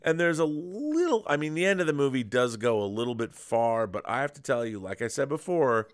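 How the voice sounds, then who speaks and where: A middle-aged podcast host talks films with casual enthusiasm, rambling and starting over at times. His medium-pitched voice is brisk and clean-toned, with lively intonation.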